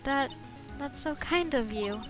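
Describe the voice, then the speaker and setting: A woman's voice: high voice, animated, takes it slowly, music in the background, voice pushed up. A woman voicing a shy, grateful young woman accused and defended in a game.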